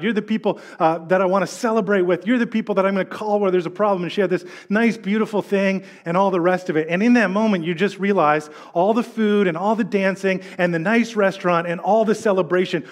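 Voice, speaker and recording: Animated male pastor preaching. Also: high-pitched. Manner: animated storytelling, acts out quotes. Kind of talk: sermon.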